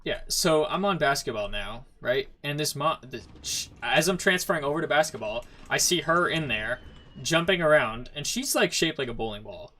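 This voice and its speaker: A man's voice: a little high, lively intonation, moderate pace, pushed and bright. A young man, chatting casually on a gaming stream and telling a long, rambling story packed with "like". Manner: rambling storyteller, heavy use of "like". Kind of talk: casual chat while gaming.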